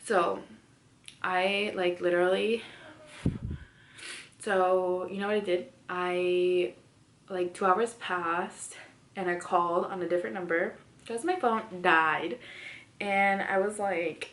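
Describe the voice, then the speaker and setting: A woman's voice: lowish voice, fairly even intonation, slow, pauses often, fairly bright tone. A young woman vlogger telling a story in casual chat, rambling with lots of "like" and "you know" fillers. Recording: echoey room.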